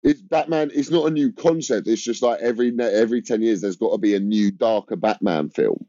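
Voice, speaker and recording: A man's voice: fairly low pitch, brisk, dark tone, no echo, highs cut off. A young man guesting on a comedy podcast, talking loosely and rambling in a casual way. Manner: loose, rambling, filler-heavy. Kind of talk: casual chat.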